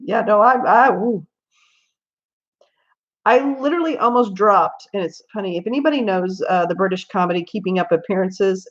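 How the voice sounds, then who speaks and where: A Southern American woman hosting a casual coloring livestream, chatting and telling stories with lots of laughs and asides. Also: fairly low pitch. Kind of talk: casual chat while coloring. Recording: slightly dull lo-fi stream audio.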